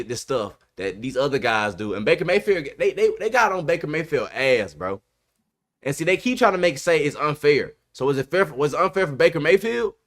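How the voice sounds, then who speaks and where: Man, podcast host, casual sports debate, emphatic, animated, mid-pitched voice. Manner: emphatic, animated, repeats "bro" often. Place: podcast studio.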